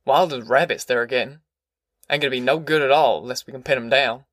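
Male reader as a gruff, weary father. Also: mid-range voice, fast, fairly bright tone, dry recording, clean studio sound, natural voice. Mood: stern. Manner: gruff, plain-spoken. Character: weary farm father, stern.

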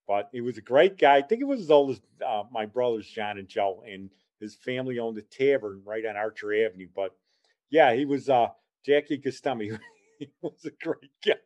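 A man's voice: mid-range voice, lively intonation, a little fast, a little mellow. A man, rambling through a casual spoken memory and repeating himself. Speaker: storyteller. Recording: dull lo-fi recording.

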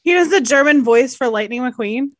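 A woman with a fairly high voice co-hosts a casual live-streamed chat show. She jokes and giggles with her co-hosts. The recording is dry and close. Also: animated, normal speed, no echo. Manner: playful and giggly. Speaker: podcast co-host.

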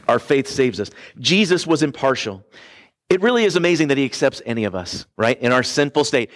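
A man preaching a sermon earnestly, swinging his voice up and down for emphasis and checking in with the congregation. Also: mid-range voice. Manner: asks the congregation for response. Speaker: pastor.

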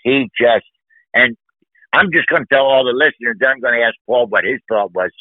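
Here a man with a mid-range voice talks briskly, and there's no room sound. As host of a podcast interview, he speaks warmly and with emphasis, lavishing praise on those he mentions, all captured in a dry, narrow-band, phone-like recording.

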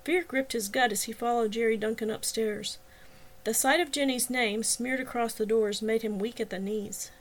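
Expressive woman reading her novel aloud. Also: fairly high pitch, moderate pace. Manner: expressive storytelling. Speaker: author and audiobook narrator. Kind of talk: scripted audiobook narration.

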